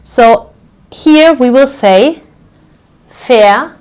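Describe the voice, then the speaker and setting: Speaking in an animated, mid-range voice, a woman who teaches German explains pronunciation in English. She is patient and slow, often checking in with listeners by asking "okay?".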